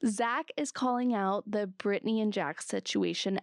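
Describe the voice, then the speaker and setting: Valley-accented woman with heavy vocal fry. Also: mid-range voice, moderate pace, no room sound, studio quality. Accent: Southern California Valley. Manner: chatty and animated, swears freely, jumps between asides. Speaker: podcast host. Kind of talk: solo casual podcast recap.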